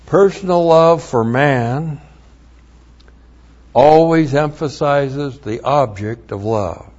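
A man's voice: medium pitch, slow, a little mellow, muffled recording. A man preaching a sermon, emphatic and blunt, with mocking asides.

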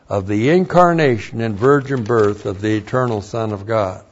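A man teaching scripture verse by verse, deliberate and careful, spelling out Hebrew words letter by letter. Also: fairly low pitch. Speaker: Bible teacher. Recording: dull lo-fi recording.

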